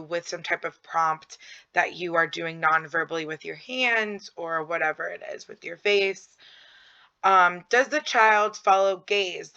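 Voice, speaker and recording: A woman's voice: fairly low pitch, pushed and bright. A woman narrating a slideshow lesson on early child development, explaining with frequent ums and acting out simple prompts to a child. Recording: dull lo-fi audio.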